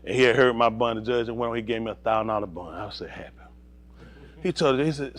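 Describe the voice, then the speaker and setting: A man's voice: mid-range voice, expressive, quick pace. A middle-aged male pastor telling a personal story in a sermon, acting out the voices of the people in it and laughing often.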